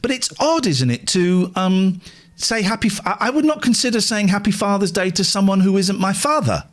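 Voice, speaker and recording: A man hosting a call-in radio show in casual chat, sometimes whispering softly and out of breath. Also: high-pitched, expressive, moderate pace, poor audio. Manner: whispers and coos softly to an animal in the garden. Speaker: radio host.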